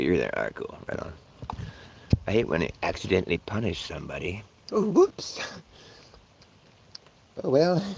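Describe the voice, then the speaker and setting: A man's voice: low voice, vocal fry. A man hosting a casual livestream outdoors in the rain, rambling and swearing, apologizing to his viewers. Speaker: livestream host. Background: guitar music.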